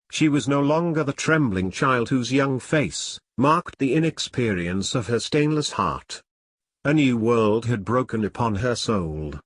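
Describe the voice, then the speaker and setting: Male narrator, dramatic audiobook reading, lively intonation, expressive, dry recording. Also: medium pitch, dry recording. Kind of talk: dramatic reading of a 19th-century novel.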